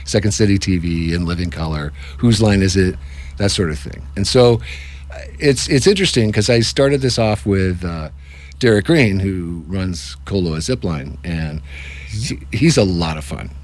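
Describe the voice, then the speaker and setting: A man who runs improv workshops, talking in a casual, jokey interview with animated asides. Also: deep voice, moderate pace. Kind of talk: casual radio-style interview.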